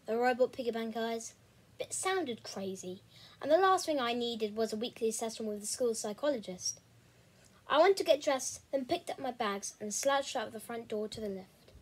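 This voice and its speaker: A woman's voice: high voice, husky. A woman hosting a read-aloud series, chatting casually before narrating a novel expressively. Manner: chatty with fillers in intro, expressive when reading. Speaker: host reading a novel aloud.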